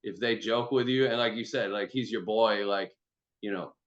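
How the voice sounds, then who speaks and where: A man's voice: fairly low pitch, moderate pace, muffled recording. A man hosting a casual video-call chat as a performance trainer, talking loosely with lots of "like" and free swearing. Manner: loose, chatty, swears freely, many "like"s.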